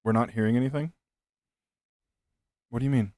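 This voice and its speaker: A man's voice: medium pitch, normal speed, long pauses, darkish tone, dry recording, studio quality. A man in young adulthood chatting casually with viewers while building a keyboard, laid-back and joking, laughing often. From United States.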